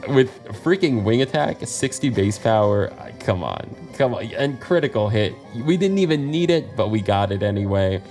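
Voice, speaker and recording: A man's voice: lowish voice, lively intonation, moderate pace, hardly any pauses, darkish tone, faint music behind. An American man hosting a casual let's play, chatty and self-deprecating, laughing often between his asides. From United States. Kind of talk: casual video game commentary.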